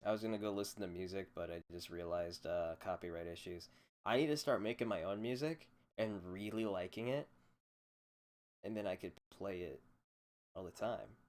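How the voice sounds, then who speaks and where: A man's voice: sits low, moderate pace, darkish tone. Rambling, profane young man ranting. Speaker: podcast host. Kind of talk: solo rant podcast. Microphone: desk microphone.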